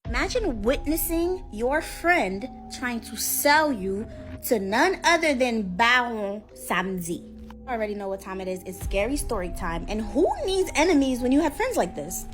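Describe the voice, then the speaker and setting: A woman's voice: on the high side, sing-song, moderate pace, faint music behind. A woman opening a scary story time in a chatty, slangy way, talking to listeners as "y'all". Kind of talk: casual storytime narration.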